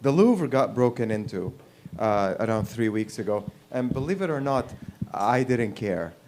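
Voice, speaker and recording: A man's voice: medium pitch, expressive, moderate pace, darkish tone, a little hiss or hum. A man hosting an open mic night, doing a loose, rambling bit, with restarts along the way and laughter at his own jokes. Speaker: host. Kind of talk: stand-up comedy and hosting. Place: small comedy venue with audience.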